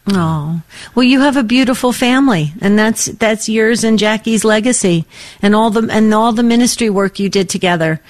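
A woman co-hosting a faith-based call-in radio show, speaking in a gentle, encouraging way to a caller. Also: medium pitch, normal speed.

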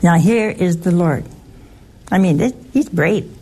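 A woman's voice: on the low side, unhurried, dark tone, breathy edge. A woman teaching a Bible study to a group in a chatty, teasing way, asking her listeners questions. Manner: chatty, asks the audience questions, teasing humor. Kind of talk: informal scripture talk to a group.

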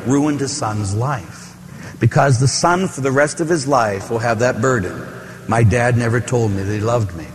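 In an echoey church hall, a middle-aged priest delivers a sermon, weaving stories together with rhetorical questions aimed at his congregation. He speaks in a mid-range voice, and there's a faint hiss or hum on the recording.

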